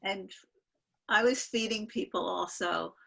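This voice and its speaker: An older woman sharing memories on a video call, speaking earnestly and haltingly with many fillers. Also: medium pitch, creaky, a bit bright. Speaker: panel guest sharing memories. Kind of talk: casual storytelling on an online call.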